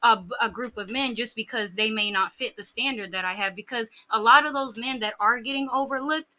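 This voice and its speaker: Frank bright-voiced woman on a podcast. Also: on the high side, brisk. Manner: frank, blunt, argumentative. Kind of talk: podcast discussion.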